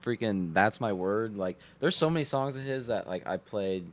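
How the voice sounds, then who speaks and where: A man, a podcast guest and rapper, telling stories quickly and repeating "literally" and "like.". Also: on the low side. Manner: quick, repetitive storytelling with "literally" and "like". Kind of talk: casual chat.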